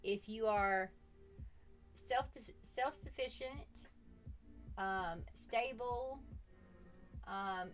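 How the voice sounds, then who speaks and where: A woman hosting a drawing livestream from home, chatting casually, reading chat aloud and laughing often. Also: mid-range voice. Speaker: art livestream host.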